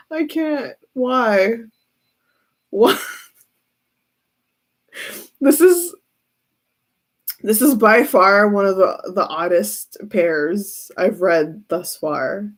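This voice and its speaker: A woman's voice: mid-range voice, drawn-out words, long pauses. A woman giving a casual tarot reading who keeps breaking into giggles as she talks. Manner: giggly, often breaks into laughter. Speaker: tarot reader.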